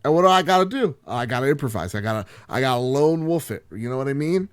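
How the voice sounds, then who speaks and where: A man hosting a gaming podcast alone, joking and rambling as he swings from loud outbursts to quiet asides. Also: mid-range voice, animated, fast, few pauses, clean tone. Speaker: podcast host. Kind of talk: solo podcast chat.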